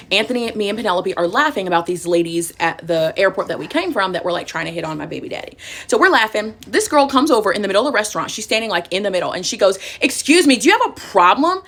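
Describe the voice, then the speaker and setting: A young woman vlogger telling a sassy, animated story while getting ready. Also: mid-range voice, fast.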